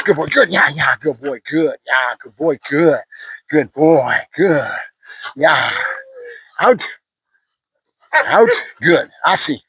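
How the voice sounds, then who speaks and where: A man's voice: on the high side, sharp tone, slightly rough, no echo, rough recording. A dog trainer explaining his method while giving short praise and corrections to a dog during a session. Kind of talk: instructional training demo.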